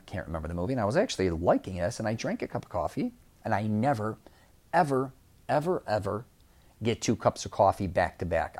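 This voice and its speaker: Chicago-accented man, podcast host, casual storytelling, animated, repeats words, lowish voice.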